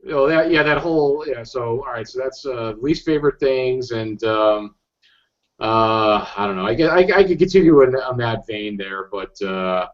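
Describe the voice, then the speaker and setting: A man on a podcast panel, chatting casually in a halting way that trails off. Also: medium pitch. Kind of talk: casual chat. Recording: lo-fi podcast audio.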